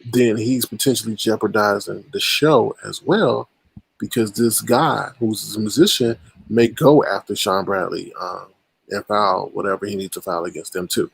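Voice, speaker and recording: A man's voice: fairly low pitch, moderate pace, gravelly, slightly rough, dry recording, rough recording. A man hosting a casual livestream chat, talking in a sarcastic, teasing way. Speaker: livestream host.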